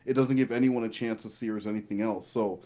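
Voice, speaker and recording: A man's voice: lowish voice, fairly even intonation, fast talker, mellow. A man giving casual commentary over an old TV show, rambling through trivia with casual swearing. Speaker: co-host of a watch-along.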